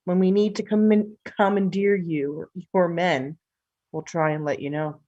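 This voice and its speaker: Woman reading a smug fed agent, lowish voice, brushing off cops, comedy play reading. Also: steady tone, moderate pace, warm tone, lo-fi sound, lightly acted. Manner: dismissive, flirty with her partner. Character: smug federal agent, cocky and dismissive.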